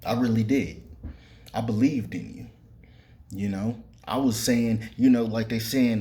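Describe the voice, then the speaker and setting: In a warm, medium-pitched voice at a measured pace, a man hosts a sports podcast. It's a casual commentary monologue: loose, profane, filler-heavy, and spoken straight to the players.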